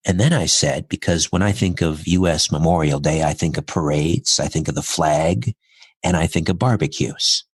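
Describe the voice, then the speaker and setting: A man's voice: rumbling low, moderate pace, slightly rough, dry recording, clean studio sound. A middle-aged man, a podcast guest, telling a personal story in an earnest, reflective way, step by step.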